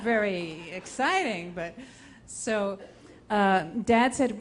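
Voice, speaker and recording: A woman from the United States telling a personal story on a live storytelling stage, animated and often interrupting herself as she acts out dialogue. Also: mid-range voice, moderate pace.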